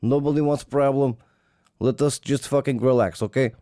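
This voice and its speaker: A man's voice: medium pitch, fairly even intonation, moderate pace, dark tone, dry recording, clean studio sound, lightly acted. A man voicing a pleading Russian man in broken English with a mock Russian accent.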